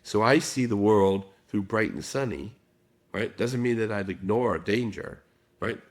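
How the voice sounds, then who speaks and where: A man's voice: on the low side, unhurried. A middle-aged man, a guest expert in a podcast interview, telling stories and acting out quotes. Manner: storytelling with acted quotes.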